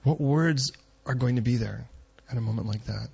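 Husky man preaching a sermon. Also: mid-range voice, moderate pace, dull audio. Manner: storytelling, rising to emphatic near-shouting peaks. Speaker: pastor.

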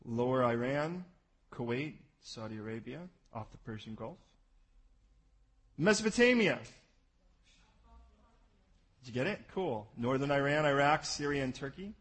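A man preaching a sermon, animated and jokey, swinging from loud bursts to low asides. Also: moderate pace, poor audio. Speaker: pastor.

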